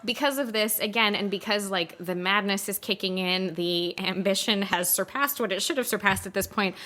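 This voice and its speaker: A woman co-hosting a casual chat, talking fast and loose, swearing and acting out characters. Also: mid-range voice, pushed and bright. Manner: chatty, swears, acts out characters in quick asides. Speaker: podcast co-host.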